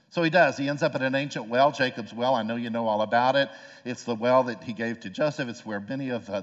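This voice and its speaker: A man pastor preaching a sermon in a conversational way, often asking the listeners rhetorical questions. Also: mid-range voice. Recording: long hall reverb, dull lo-fi sound.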